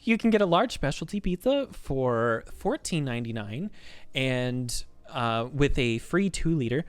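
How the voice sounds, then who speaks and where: A man doing a chipper male customer service phone rep, his voice pitched up and held on a single note. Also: animated, unhurried, clean tone, dry recording, natural voice. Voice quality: high, stays on a single note.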